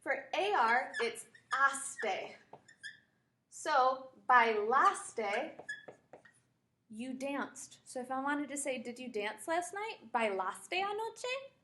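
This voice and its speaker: A woman with a high, bright voice teaches a grammar lesson, taking her time and spelling words out letter by letter. She speaks slowly and patiently. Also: animated, slight background noise. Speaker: Spanish teacher.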